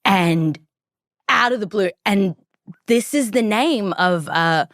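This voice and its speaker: An Australian podcast host tells a story slowly and animatedly in a mid-range, slightly bright voice, chatting away with lots of likes and ums. The studio recording is clean with no echo.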